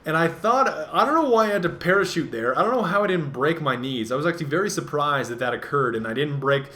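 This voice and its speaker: A man with a fairly high voice talks over his game footage, rambling from point to point. He keeps dropping jokes and playful self-mocking asides as he goes. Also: lively intonation, fast, sharp tone. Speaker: gaming commentator. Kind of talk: casual gameplay commentary.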